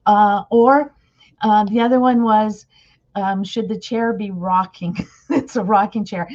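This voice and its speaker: A woman's voice: mid-range voice, steady tone, a little slow, a little mellow, lo-fi sound. A woman giving a casual webinar talk over a video call, chatty and often asking her listeners questions. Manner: chatty, asks the audience questions. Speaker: conference presenter.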